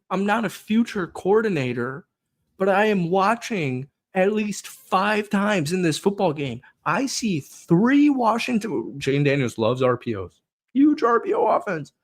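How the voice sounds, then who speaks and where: A young man hosting a football podcast, ranting casually with frustration, swearing and laughing. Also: sits high.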